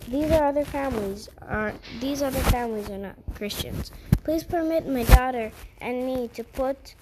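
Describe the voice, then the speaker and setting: A woman reading the part of a calm, gentle middle-aged Christian mother speaking to her captors in a story, her voice steady and halting. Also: high-pitched, very noisy, close to an everyday voice.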